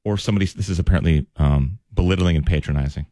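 A man's voice: low-pitched, fast talker, dark tone, dry recording, clean studio sound. A man co-hosting a morning radio show, chatting casually and acting out quoted phrases in mock voices. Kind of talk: casual on-air chat. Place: radio studio. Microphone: studio microphone.

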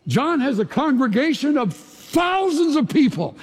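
Gravelly preacher man in a reverberant hall. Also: very high voice, very animated, measured pace. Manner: dramatic, swings from emphatic to hushed. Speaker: pastor. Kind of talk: sermon. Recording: long reverb of a large hall.

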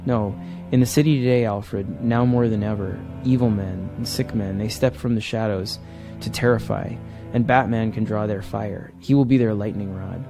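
A man's voice: lowish voice, steady tone, normal speed, vocal fry, hardly any pauses, music in the background. A man reading aloud a haunted, driven young man of twenty-five who confesses his past with intensity. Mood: resolute. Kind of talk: reading a comic script aloud.

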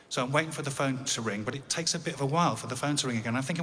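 A man's voice: medium pitch, rapid-fire, hardly any pauses, fairly bright tone, big-room sound. An English man telling a personal story in a conversational way with dry, wry humor. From England.

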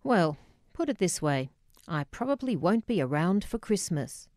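A man's voice: sits high, very animated, a little slow, darkish tone, no echo, clean studio sound. A woman voicing an elderly, ailing father with a Polish-Scottish accent, who curtly brushes off his family's worry. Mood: evasive. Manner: evasive, curt, brushing off worry.

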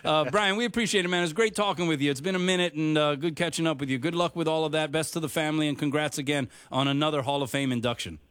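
A man's voice: on the high side, fast talker, hardly any pauses, fairly bright tone, clean tone, no echo. A man hosting a sports radio show, chatting casually with many uhs and ums and laughing easily.

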